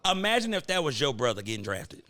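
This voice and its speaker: A man's voice: medium pitch, very animated, quick pace, pushed and bright, dry recording. A man hosting a podcast, delivering a heated, profane, preachy sports rant in AAVE. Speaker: podcast host. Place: cigar lounge studio.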